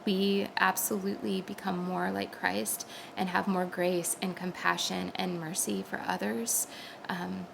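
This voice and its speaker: Earnest woman with a gravelly fry. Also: medium pitch, background noise. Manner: earnest and conversational, with frequent fillers. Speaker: Christian speaker sharing a testimony. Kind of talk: personal faith testimony.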